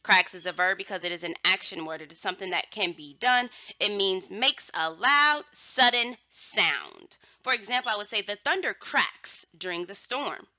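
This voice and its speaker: A woman teaching young children a phonics and vocabulary lesson, enunciating words slowly and emphatically, then calling out single words loudly. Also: medium pitch, animated, dry recording, lo-fi sound. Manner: slow, emphatic, drawn-out enunciation with sudden loud word calls.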